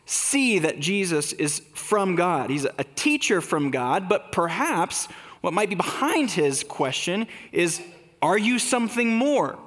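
A man's voice: high voice, big pitch swings, slow pace, fairly bright tone, in a large hall. A man preaching a sermon in a conversational way, asking rhetorical questions. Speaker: pastor.

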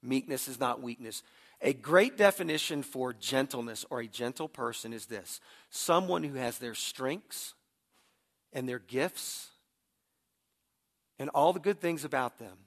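A man's voice: mid-range voice, expressive, measured pace. A middle-aged man preaching a sermon in a conversational way, often restarting words as he begins a thought. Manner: conversational, repeats words when starting sentences. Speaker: pastor.

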